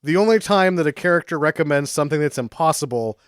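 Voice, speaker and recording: A man with a lively, swinging delivery and a slightly high voice, dryly mocking a movie's plot as he retells it. He keeps jumping into quick put-on voices for the characters. The sound is close and dry, with no room around it. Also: smooth, dry recording. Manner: wry, sarcastic, acts out movie lines in quick voices. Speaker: podcast co-host. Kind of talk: casual comedic movie recap.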